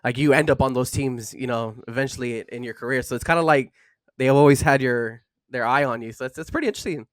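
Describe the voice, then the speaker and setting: A man hosting a podcast, chatting casually and making quick comments. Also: medium pitch, no echo, studio quality. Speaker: podcast host. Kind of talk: casual chat.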